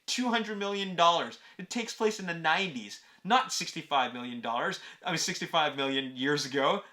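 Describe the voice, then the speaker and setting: A man hosts a casual movie news vlog, eager and emphatic as he speaks straight to his viewers. His voice sits a little high and carries a bright, forceful edge. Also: expressive, normal speed. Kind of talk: casual fan commentary to camera.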